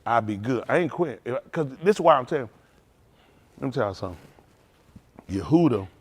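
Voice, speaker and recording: A man's voice: mid-range voice, lively intonation, a little fast, breathy edge. A man preaching an informal testimony to his congregation, emotional and conversational, often breaking into laughter and exclamations. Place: synagogue hall during livestream.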